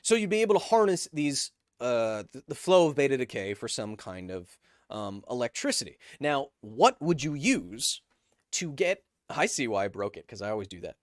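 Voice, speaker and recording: A man's voice: mid-range voice, very animated, moderate pace, no room sound, studio quality. A man hosting a live stream, reading chat messages aloud with jokes and tangents while explaining science casually.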